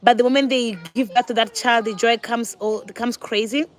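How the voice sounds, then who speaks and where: High-voiced chatty woman in her forties. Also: steady tone, normal speed, a little hiss or hum. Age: 40s. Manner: chatty, talks to viewers, laughs often. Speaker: vlogger, mother. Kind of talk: casual sit-down chat.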